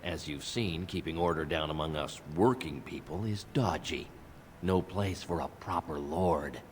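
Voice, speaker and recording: An actor playing a blunt, weary dwarf guard captain. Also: male voice, extremely low pitch, a little slow, in a large hall, a little hiss or hum. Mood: gruff. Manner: blunt, weary, plain-spoken.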